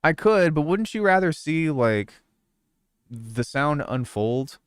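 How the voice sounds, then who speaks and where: Fields: laid-back young man, dry clear voice. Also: a little high, slow pace, no room sound. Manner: relaxed, rambling, many fillers. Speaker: music producer streamer. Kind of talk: casual live-stream chat.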